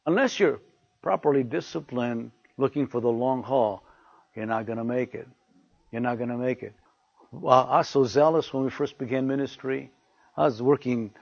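A man's voice: on the high side, gravelly, husky, dry recording. An older man preaching a sermon as a pastor, telling stories and repeating phrases for emphasis. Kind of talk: sermon to ministers. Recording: muffled dry recording.

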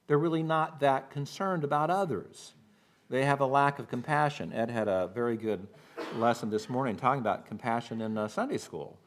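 Man preaching a Bible sermon in church, mid voice, acts out quoted lines. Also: medium pitch. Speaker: pastor.

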